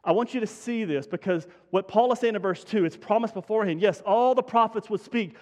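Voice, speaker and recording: A man delivering a lively sermon in a high voice, leaning on repeated phrases and talking straight to his congregation. His voice rings out with a long reverb from a large church sanctuary. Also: brisk. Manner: energetic, conversational preaching with emphatic repetition. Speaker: pastor.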